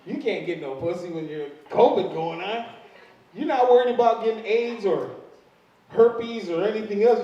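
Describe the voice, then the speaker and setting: A man's voice: sits high, dark tone. An older man doing a crude stand-up comedy set in a live club, telling stories and acting out the voices of people in them. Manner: crude, storytelling, acts out quoted voices. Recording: distant, very echoey, dull lo-fi club recording. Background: audience laughter.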